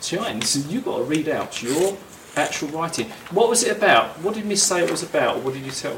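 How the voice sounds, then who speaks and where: Man, teacher, school podcast host, encouraging, jokey, animated, distant mic, noisy room. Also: a little high, fairly quick, roomy sound. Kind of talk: casual school podcast chat.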